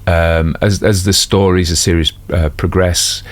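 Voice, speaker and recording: A man's voice: low voice, little pitch movement, measured pace. A man with a Geordie accent, an audiobook narrator talking casually about a detective series in a rambling, self-deprecating way with many fillers and asides. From North East England. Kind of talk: casual spoken commentary.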